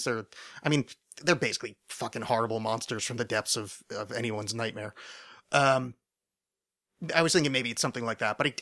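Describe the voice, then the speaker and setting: A man's voice: medium pitch, pushed and bright. A man hosting a casual solo podcast, rambling in a loose, profane, self-deprecating way. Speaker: podcast host.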